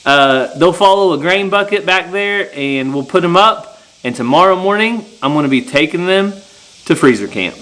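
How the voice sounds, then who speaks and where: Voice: medium pitch, lively intonation, normal speed, fairly bright tone, rough recording. An adult farm vlogger chatting casually outdoors and teasing a child playfully. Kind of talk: casual farm vlog chat.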